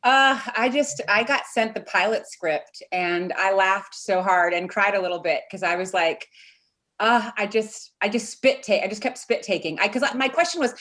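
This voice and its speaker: A woman's voice: medium pitch, normal speed, fairly bright tone. An actress chatting as a guest on a talk show, rambling and laughing as she talks. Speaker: guest actor. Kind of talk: casual interview chat.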